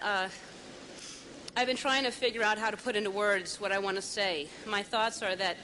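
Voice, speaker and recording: A tearful woman giving an emotional speech at an outdoor vigil, halting and stammering through false starts at a podium microphone. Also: mid-range voice, sharp tone, slight background noise, poor audio. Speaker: speaker at a public vigil. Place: outdoors on building steps at a vigil.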